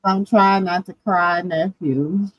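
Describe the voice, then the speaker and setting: A tired woman hosting a late-night live chat, greeting viewers by name in a slow, drawn-out way. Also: on the low side, steady tone, no echo. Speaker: livestream host. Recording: dull lo-fi stream audio.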